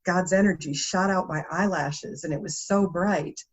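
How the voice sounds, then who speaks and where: A woman's voice: fairly low pitch, moderate pace, slightly rough. A woman guest in a conversational interview, telling stories with animation and frequent laughter. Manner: animated storytelling, laughs often. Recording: dull lo-fi interview audio.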